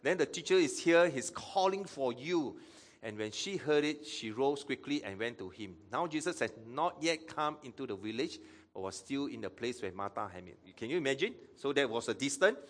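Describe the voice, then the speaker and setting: A man's voice: mid-range voice, animated, moderate pace. A man preaching a sermon as pastor, acting out Bible quotes and asking the audience questions.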